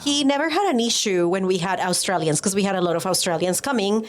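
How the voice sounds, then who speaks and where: Woman guest with an accent, mid pitch, emphatic animated storyteller in a relaxed chat. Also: quick pace, a little hiss or hum. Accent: non-native English accent. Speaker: guest, educator and writer. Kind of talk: casual conversation.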